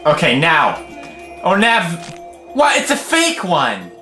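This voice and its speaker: A young man in his twenties with a Swedish accent, commentating a game while swearing, muttering low and yelling high. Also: wildly swooping pitch, slow, roomy sound, music in the background. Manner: loud, swearing, swinging between low mutters and high yells. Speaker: gaming video host. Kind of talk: gameplay commentary.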